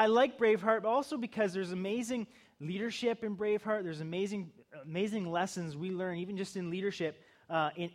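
A middle-aged male pastor giving a conversational sermon, building to emphatic bursts. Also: on the high side.

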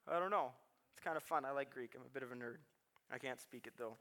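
A pastor in his thirties preaches quickly in a sharp, medium-pitched voice. His sermon is chatty and self-deprecating, with frequent laughter and repeated words.

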